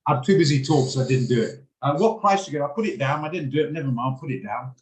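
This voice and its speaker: A man with a medium-pitched voice hosts an online trading session, speaking fast and expressively. He's chatty and blunt, often drifting off topic, and he's heard over a video call with a roomy echo.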